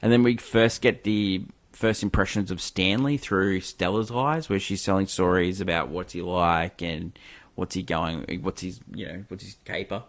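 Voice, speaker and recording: A deep-voiced man talks through a film's plot in a casual, rambling way. He restarts sentences and leans on fillers as he chats with his co-host. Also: normal speed. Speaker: podcast co-host. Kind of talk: casual film discussion.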